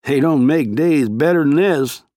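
A man's voice: medium pitch, big pitch swings, a little slow, a little mellow, no echo, voice pushed up. Guy doing a retired hitman, folksy western twang, cheery but cagey, bone-dry sound. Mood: cheerful. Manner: folksy Western drawl put on over a hidden past. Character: aging ex-assassin man, cheerful and guarded.

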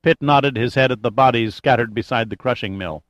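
A man reads a thriller audiobook aloud in a steady, measured way. His voice sits at a middle pitch. The recording is dry and close, with no room sound. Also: no echo, muffled recording. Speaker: audiobook narrator. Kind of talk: scripted narration of a thriller.

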